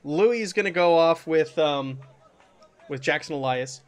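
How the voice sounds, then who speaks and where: A man's voice: fairly high pitch, unhurried. Rambling game master man. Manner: rambling, many fillers and restarts. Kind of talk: narrating a tabletop game.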